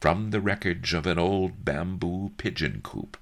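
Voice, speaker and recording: With a lively, rising and falling delivery, a male narrator reads an audiobook in a gravelly, extremely deep voice. He tells the story wryly and dryly at an unhurried, slow pace.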